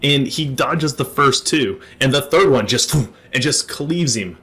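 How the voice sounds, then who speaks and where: A man narrating a tabletop role-playing game as game master, laughing often in relaxed storytelling. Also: medium pitch, a little slow.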